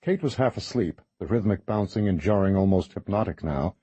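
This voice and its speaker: A man reading a horror novel as narrator in a measured, even way. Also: low-pitched, husky, no echo, highs cut off. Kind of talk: scripted audiobook narration.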